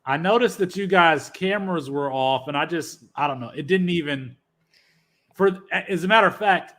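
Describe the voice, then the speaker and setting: A man co-hosting a podcast over a video call, talking haltingly and repeating his words. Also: a little high, a bit bright. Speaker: podcast co-host. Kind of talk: casual chat.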